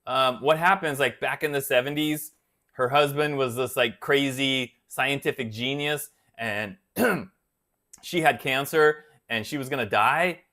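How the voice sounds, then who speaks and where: A man's voice: medium pitch, pushed and bright. A man hosting a guitar channel, chatting casually on a live stream and rambling until he loses his thread.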